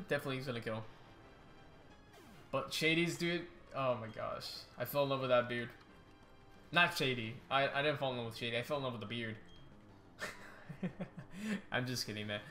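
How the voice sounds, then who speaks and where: A young man hosting a casual let's-play, excitable and rambling, often restarting his sentences. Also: mid-range voice. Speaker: YouTube gaming host.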